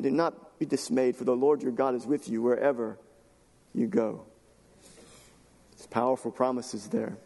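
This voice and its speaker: A male pastor preaching a sermon in a church, moving from calm Scripture reading to fervent, emotional emphasis. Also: medium pitch, big-room sound. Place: church sanctuary.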